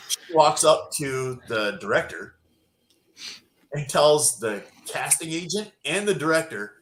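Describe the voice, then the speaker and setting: A man telling a long profane story as a podcast guest, loud and animated. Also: a little high, normal speed, reverberant, low-quality recording. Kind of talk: casual storytelling.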